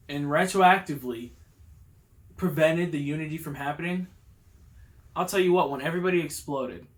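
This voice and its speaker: Male vlogger, slightly high voice, excitable and slangy, casual movie review. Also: normal speed, pauses often. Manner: excitable, gets worked up; slangy, enthusiastic storytelling. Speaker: YouTube channel host.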